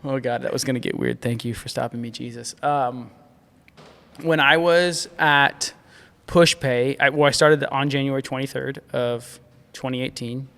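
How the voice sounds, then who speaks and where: Gravelly-voiced man telling stories casually. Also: medium pitch, normal speed. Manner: animated, laughs often, says "bro" and "dude". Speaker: podcast guest, agency founder. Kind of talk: casual storytelling chat.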